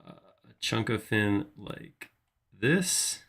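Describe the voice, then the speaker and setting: Low bright-voiced man narrating his work. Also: lively intonation, slow pace. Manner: casual, thinking aloud while working. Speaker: host modeling in 3D software. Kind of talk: live software tutorial.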